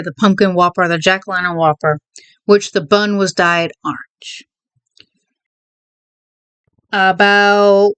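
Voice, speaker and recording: In a clean recording with no echo, a woman with a medium-pitched, slightly bright voice chats casually in a vlog. She's out of breath and holding back a sneeze, and she rambles, laughs often, and corrects herself with a slight stutter.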